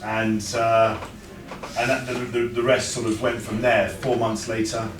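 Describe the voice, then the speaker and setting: A man's voice: mid-range voice, level tone, unhurried. A man giving an informal, anecdotal talk to an audience, with frequent restarts. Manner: chatty, anecdotal, with stammered restarts. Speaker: speaker at a breeders' talk. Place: event room with an audience. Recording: echoey room, mic far off, background noise.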